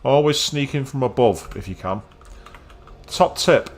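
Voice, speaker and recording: A man's voice: mid-range voice, expressive, unhurried. A man from Manchester, casually commenting while streaming a game, with chatty, wry asides. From Manchester, England. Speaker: let's play streamer.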